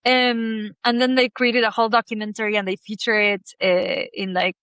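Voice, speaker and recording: A woman's voice: a little high, flat delivery, normal speed, fairly bright tone, clean tone, no room sound. A woman in her thirties from Argentina with an Argentine accent, telling her story as a podcast guest in a chatty way full of fillers. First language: Spanish. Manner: chatty, lots of "like" and "you know" fillers. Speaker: guest, fashion designer.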